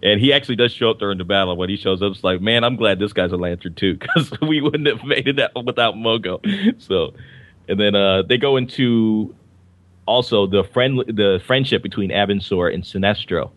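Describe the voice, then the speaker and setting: A man's voice: sits low, normal speed, dry recording. A man co-hosting a podcast in casual chat, rambling with fillers and restarts as he reviews comics and films. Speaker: podcast co-host.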